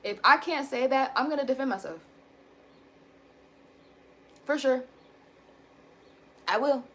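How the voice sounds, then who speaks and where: A woman in her thirties venting candidly to her viewers, blunt and animated, swearing casually and calling them y'all. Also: sits high, takes it slowly, a little hiss or hum. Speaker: self-help vlogger.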